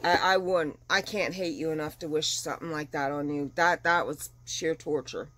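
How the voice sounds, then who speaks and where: A middle-aged woman vlogging at home in a casual chat, chatty and animated, getting over the flu. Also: low-pitched, moderate pace. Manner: chatty and animated, dramatic retelling. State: recovering from flu. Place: at home, windows open.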